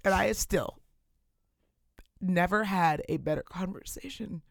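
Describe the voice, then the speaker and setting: A young adult woman co-hosting a podcast in casual chat, an animated storyteller who swears freely. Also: on the low side, measured pace, gravelly, dry recording, studio quality. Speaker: podcast co-host.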